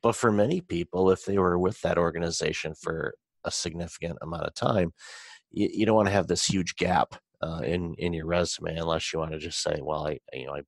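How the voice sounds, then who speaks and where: Male podcast host, very low gravelly voice, unhurried conversational delivery, dry close sound. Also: fairly even intonation, dry recording. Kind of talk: casual conversation.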